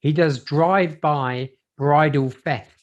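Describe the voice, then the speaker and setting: Bloke, dry jokey cohost, slightly higher voice, loves puns. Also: male voice, slow, highs cut off. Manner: dry, punning banter. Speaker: podcast co-host. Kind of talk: casual comedy chat.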